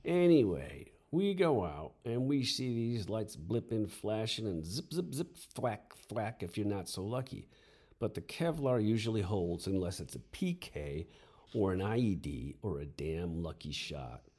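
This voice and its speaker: A man's voice: fairly low pitch, big pitch swings, a little slow, dark tone, husky, voice pushed up, exaggerated voice. A man playing a weary young army sergeant. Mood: blunt. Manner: frank, plain-spoken, profane. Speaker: soldier back from war.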